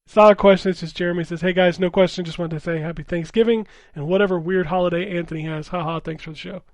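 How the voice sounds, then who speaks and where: High-voiced laid-back podcast co-host. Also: male voice, steady tone, quick pace, darkish tone, no echo. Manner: enthusiastic, laid-back, says dude. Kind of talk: casual chat.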